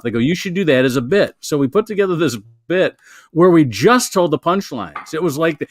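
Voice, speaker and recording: A man's voice: a little high, no room sound, clean studio sound. A man, a veteran comedian, telling a long rambling story in casual chat and laughing as he talks.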